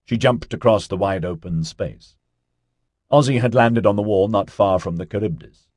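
A male audiobook narrator with a deep, husky voice tells the story expressively at a normal speed. The studio-quality recording has no room sound.

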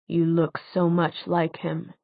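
A woman voicing a quiet, scheming older male tutor who speaks slowly and evenly. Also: fairly low pitch, monotone, gravelly, no room sound, exaggerated voice. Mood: cold, quiet. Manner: quiet, slow, measured. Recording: tinny phone-like dry sound.

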